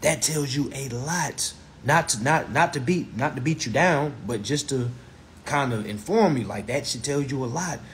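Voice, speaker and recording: A man's voice: medium pitch, normal speed, slight background noise. A man lecturing on a live stream, blunt and profane, who repeats his phrases for emphasis.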